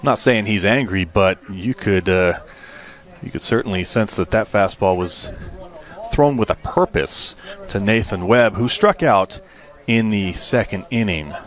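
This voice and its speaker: A man calling baseball play-by-play, low and relaxed for stats, then climbing sharply in pitch and volume on big hits. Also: a little slow. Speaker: play-by-play announcer.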